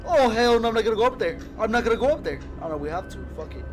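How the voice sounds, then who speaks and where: A young adult streamer playing a horror game, jumpy and swearing, shouting in fright. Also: medium pitch, expressive, very fast. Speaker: gaming streamer. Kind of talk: horror gameplay commentary. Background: game music.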